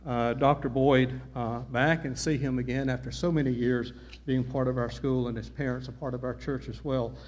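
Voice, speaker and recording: An older man in his sixties, a longtime teacher, introduces the evening's speaker. He talks plainly and without hurry, pausing on fillers, in an ordinary mid-range voice. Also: mid-range voice, a little hiss or hum.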